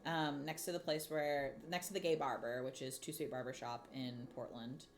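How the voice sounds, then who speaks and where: A woman's voice: very deep voice, fairly even intonation, normal speed, a little hiss or hum. A woman hosting a crafting livestream, chatting casually and rambling while she answers her chat. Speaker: livestream host.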